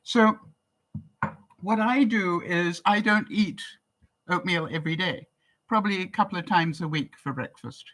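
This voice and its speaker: An older woman from Canada chatting casually on a live stream, answering viewer comments in a chatty, relaxed way. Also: on the low side, measured pace, pauses often, rough recording. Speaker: vlogger.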